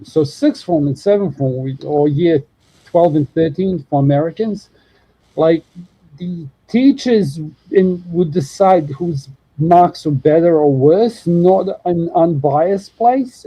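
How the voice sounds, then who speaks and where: A podcast host with a New Zealand accent rambles casually, swearing a lot and talking fast with plenty of fillers. His voice leans high, warm, and slightly rough. The audio is poor, though there's no room sound.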